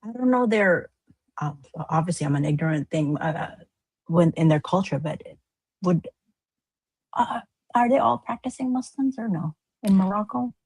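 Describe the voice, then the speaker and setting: A woman's voice: medium pitch, animated, normal speed, a little mellow, breathy edge, dry recording. Woman producer chatting, lots of uhs, dry sound. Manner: hesitant, many fillers and restarts, laughs easily. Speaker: producer and podcast guest. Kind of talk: casual chat.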